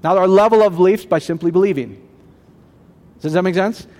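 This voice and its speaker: A man's voice: sits high, brisk, darkish tone, long reverb tail. A man preaching a sermon in a conversational way, often turning to the congregation with questions. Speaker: pastor.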